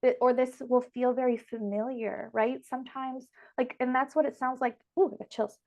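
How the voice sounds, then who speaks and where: A woman's voice: high voice, steady tone, normal speed, a little mellow. A young woman hosting a casual spiritual podcast conversation, chatty and emotional, laughing often. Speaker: podcast host and medium.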